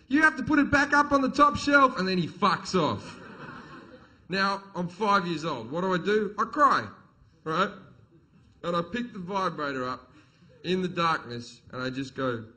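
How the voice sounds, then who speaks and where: Bright, high-voiced comedian. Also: male voice. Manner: crude, swearing, animated storyteller. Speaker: stand-up comedian. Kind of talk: stand-up storytelling. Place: comedy stage.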